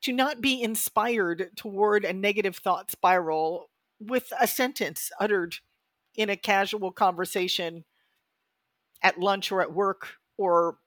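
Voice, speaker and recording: A woman in her fifties, co-hosting a podcast in a casual, animated way and acting out her own thoughts. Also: medium pitch, measured pace, no echo, clean studio sound. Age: 50s. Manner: animated, acts out quoted thoughts. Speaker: podcast co-host.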